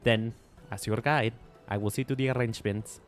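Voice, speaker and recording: A man with a Mexican accent reading a calm game guide character aloud in a measured, formal way. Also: mid-range voice, soft background music, pitched below the performer's own voice, close to an everyday voice.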